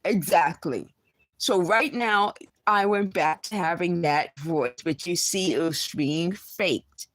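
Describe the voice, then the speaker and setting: A hoarse woman talking to her camera from her bedroom after just waking up, rambling and agitated with many restarts. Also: fairly low pitch, takes it slowly, fairly bright tone, no room sound, low-quality recording. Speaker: vlogger. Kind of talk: rambling late-night vlog monologue. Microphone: recording herself on camera.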